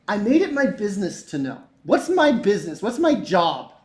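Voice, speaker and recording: Middle-aged male teacher, high voice, lively classroom lecture, echoey room. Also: moderate pace. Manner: animated, chatty, asks rhetorical questions.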